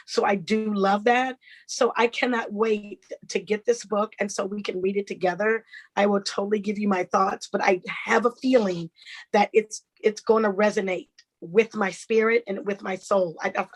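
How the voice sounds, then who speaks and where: A woman's voice: medium pitch, steady tone, normal speed. A woman, hosting a talk show and gushing over her guest. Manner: effusive, gushing. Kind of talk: enthusiastic interview hosting.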